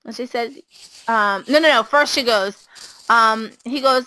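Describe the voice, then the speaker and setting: A woman, a preschool teacher, chatting casually and telling an animated story, acting out the quotes with a higher voice. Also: normal speed, poor audio.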